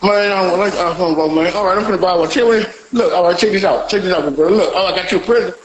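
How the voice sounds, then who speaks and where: Fast-talking high-voiced man, rambling. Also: slight background noise, low-quality recording. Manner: rambling, repeats "you hear me". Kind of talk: casual banter.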